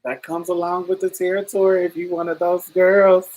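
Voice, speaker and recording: A woman's voice: on the low side, level tone, moderate pace, darkish tone, poor audio. A woman hosting a long casual livestream podcast, chatting, laughing often and calling people honey and baby. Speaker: podcast host.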